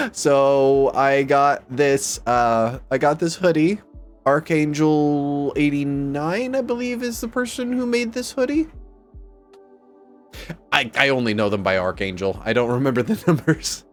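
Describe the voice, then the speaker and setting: A man chatting casually on a home live stream, rambling and excitable as he jumps from topic to topic. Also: on the high side, unhurried, soft background music. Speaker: VTuber streamer.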